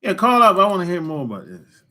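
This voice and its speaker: A man's voice: high-pitched, wildly swooping pitch, brisk, pushed and bright. A man hosting a casual livestream, teasing callers in loose slang and laughing often. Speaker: livestream host talking with callers. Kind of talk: casual chat.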